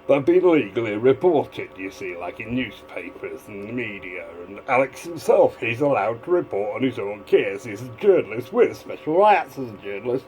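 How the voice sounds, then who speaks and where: A man's voice: mid-range voice, sing-song, moderate pace, few pauses, a little mellow, soft background music, rough recording. A man giving a casual, rambling video commentary, drifting between asides. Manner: rambling, digressive, full of fillers and restarts. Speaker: vlogger.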